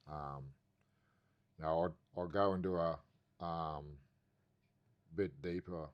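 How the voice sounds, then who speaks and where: A man's voice: deep voice, steady tone, slow, highs cut off. An Australian man, a podcast guest, telling a story in casual, rambling talk and swearing constantly.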